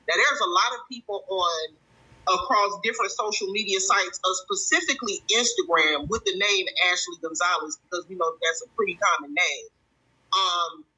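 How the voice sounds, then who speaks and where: A woman's voice: fairly low pitch, bright, forceful tone, slightly rough, poor audio. A woman hosting a livestream commentary show, reading chat and reacting with indignation, often restarting her sentences.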